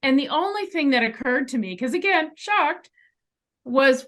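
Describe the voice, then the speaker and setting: Higher-voiced woman telling a story. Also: a little slow. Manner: animated storyteller, emphatic asides. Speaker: interview guest, clairvoyant. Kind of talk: storytelling in a conversation. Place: bedroom at home.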